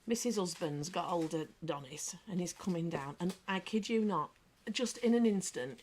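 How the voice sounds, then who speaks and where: A woman's voice: lowish voice, slight background noise. A woman with a British accent hosting a casual livestream, chatting, bantering and reading viewer comments aloud. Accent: British English. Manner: lively anecdotal storyteller. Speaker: livestream host. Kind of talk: casual live chat.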